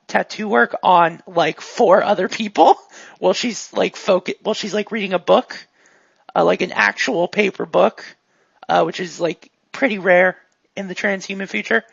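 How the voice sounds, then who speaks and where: A woman's voice: lowish voice, vocal fry, slightly rough, no room sound. A woman narrating as game master in a tabletop game, casual and full of fillers. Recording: dull, lo-fi dry mic.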